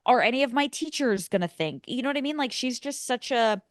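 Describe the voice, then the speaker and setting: A woman's voice: a little high, expressive, a little fast, no room sound, clean studio sound. A woman co-hosting a film podcast, chatting casually and laughing often as she retells scenes. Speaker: podcast co-host. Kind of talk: casual chat.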